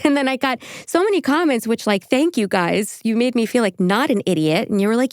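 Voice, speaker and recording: A woman's voice: fairly high pitch, expressive, fast, hardly any pauses, no echo, clean studio sound. A woman hosting a podcast in casual chat, chatty and giggly, swearing freely. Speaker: podcast host.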